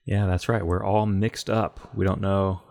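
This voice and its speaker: A man with a low voice co-hosting a relaxed podcast. He talks in an easygoing, measured way and drops in the odd um as he presents each film. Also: creaky. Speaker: podcast co-host presenting films. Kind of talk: casual podcast chat.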